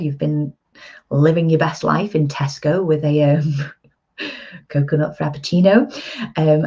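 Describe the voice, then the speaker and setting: A woman in her thirties speaks earnestly and chattily to her viewers as an empowerment coach. Her voice sits low, with a mellow, husky tone. The recording sounds dull and lo-fi. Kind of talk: casual motivational talk to viewers.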